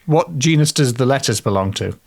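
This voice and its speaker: A man's voice: mid-range voice, animated, fairly quick, creaky, darkish tone, no echo. A man trading jokes and puns as a podcast co-host, his voice rising and falling freely as he talks. The sound is close and dry, with no room around it. He keeps things light and playful. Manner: playful, punning, laughs easily. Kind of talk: casual chat.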